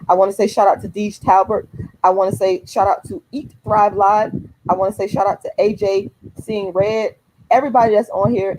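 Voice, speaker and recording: A woman's voice: mid-range voice, a little mellow, slight background noise, low-quality recording. A woman hosting a casual livestream, talking fiercely and emphatically to her viewers, repeating phrases and swearing freely. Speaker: activist livestream host.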